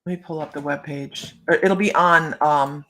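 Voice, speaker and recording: A woman's voice: sits low, steady tone, moderate pace, a bit bright. A woman hosting a psychic live stream, telling stories in a bubbly, rambling way and laughing often. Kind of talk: casual live-stream chat.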